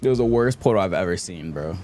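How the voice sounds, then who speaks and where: A young male streamer ranting through a review of game matches, sarcastic and repetitive. His voice sits on the low side, with faint music playing softly behind him. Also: expressive, quick pace. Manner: ranting, sarcastic, repeats himself.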